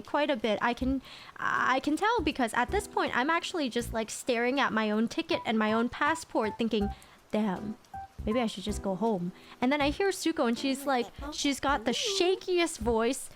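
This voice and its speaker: Brief: young female streamer, high voice, animated storytelling that repeats itself. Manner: animated, rambling, repeats phrases. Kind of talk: storytelling to viewers.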